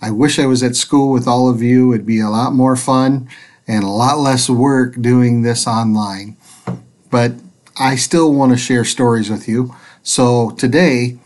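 A man, a teacher, reading a picture book aloud to children in a gentle, expressive way from a spare room at home. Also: mid-range voice.

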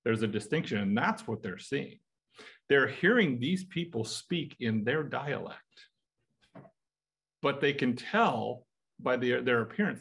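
A man's voice: mid-range voice, lively intonation, measured pace, creaky, fairly bright tone, slightly rough. An American man teaching a Bible study in a conversational way, asking his listeners rhetorical questions. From United States.

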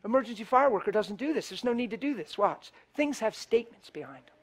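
Speaking quickly in a high, animated voice, a middle-aged male preacher tells a story to a live congregation in church. As the sermon unfolds, he acts out both sides of each conversation.

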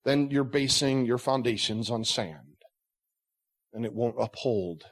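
A man's voice: medium pitch, measured pace. A male pastor delivering a sermon, earnest and conversational, pressing his listeners with rhetorical questions. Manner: conversational asides.

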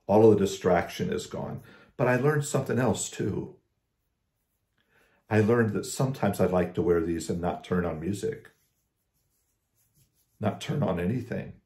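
A man giving a casual devotional talk as a pastor, conversational, with restarts and slow emphasis on scripture. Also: deep voice, mellow, echoey room.

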